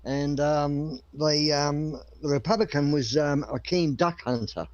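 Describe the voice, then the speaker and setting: A man's voice: fairly high pitch, steady tone, unhurried, dry recording, highs cut off. A man telling a long joke in a rambling way, with many restarts.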